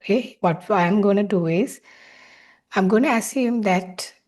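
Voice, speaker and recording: A woman's voice: fairly low pitch, a little mellow. A woman spiritual life coach giving an earnest teaching monologue, explaining step by step and checking in with the listener.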